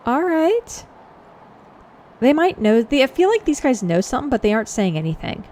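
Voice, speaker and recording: A woman's voice: high-pitched, very animated, moderate pace, a little mellow. A woman giving casual gameplay commentary, chatting and reacting aloud between dialogue. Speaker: let's play streamer.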